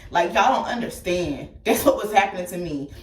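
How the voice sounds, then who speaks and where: A woman bluntly telling her own life story to viewers, profane and animated, speaking straight to her audience. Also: on the low side, fairly quick, far from the mic. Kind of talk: casual personal storytelling to viewers. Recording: echoey room with the voice off-mic.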